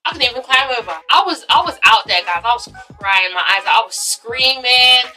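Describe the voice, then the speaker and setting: A young woman from Ghana telling a storytime vlog, animated and swearing, often calling out to her viewers. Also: fairly high pitch, a little fast, soft background music, poor audio. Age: young adult. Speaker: vlogger.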